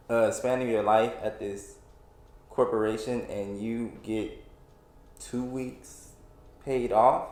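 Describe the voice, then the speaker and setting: With a mid-range, darkish voice and noticeable reverb, a young man in his twenties rants casually on his solo podcast. He meanders in frustration, restarting often and filling gaps with fillers.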